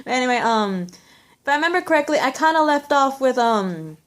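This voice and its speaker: A woman's voice: high voice, animated, a little fast. A woman vlogging in a casual, rambling and gushing way, with many fillers. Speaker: vlogger reviewing a TV episode. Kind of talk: casual chat.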